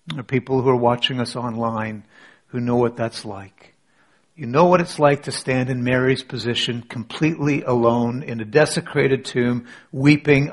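Male pastor, husky tone, sermon with hushed dramatic moments. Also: medium pitch. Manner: dramatic, drops to near whisper for emphasis. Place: church with online audience.

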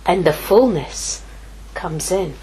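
A woman preaching a sermon, lively, moving from hushed asides to exclaiming. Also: fairly low pitch, slow, husky, low-quality recording. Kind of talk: sermon teaching.

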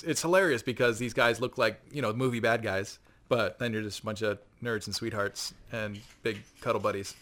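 A man chatting casually on a podcast, quick and loose with lots of "like"s. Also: lowish voice, steady tone, a bit bright. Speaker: podcast co-host. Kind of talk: casual chat.

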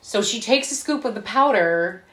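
A woman's voice: medium pitch, expressive, moderate pace, fairly bright tone, echoey room. A woman co-hosting a podcast, chatting casually and bluntly as she reviews a movie. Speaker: podcast co-host.

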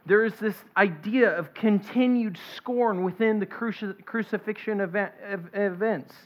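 A woman preaching an expository sermon, reading scripture aloud and stressing its points in a deliberate way. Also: medium pitch. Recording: dull lo-fi recording.

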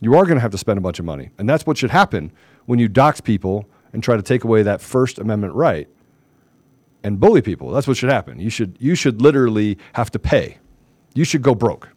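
A man's voice: medium pitch, no room sound. A man hosting a political commentary show, telling stories emphatically and acting out the dialogue. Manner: emphatic, animated storytelling with quoted dialogue. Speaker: show host.

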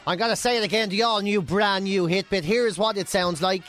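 A man co-hosting a radio show, chatting casually and telling jokes with animated delivery. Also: sits high, a little fast, soft background music. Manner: joking, animated storyteller. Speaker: radio co-host.

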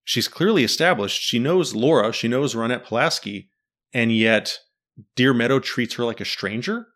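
A man's voice: mid-range voice, lively intonation, normal speed, a bit bright. A man in casual chat, animatedly breaking down a TV series and quizzing his co-host. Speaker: podcast host discussing a TV series.

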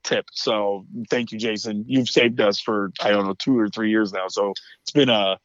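A man's voice: lowish voice, steady tone, moderate pace, no echo, lo-fi sound. A man co-hosting a podcast, chatting casually and telling a story, acting out the quotes and laughing often. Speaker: podcast co-host. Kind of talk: casual chat.

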